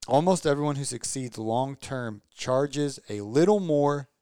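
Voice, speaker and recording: A man's voice: mid-range voice, animated, a little slow, warm tone, clear, resonant tone, no room sound, studio quality. A tired man hosting a casual podcast chat, rambling and repeating words, upbeat and joking. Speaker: podcast host.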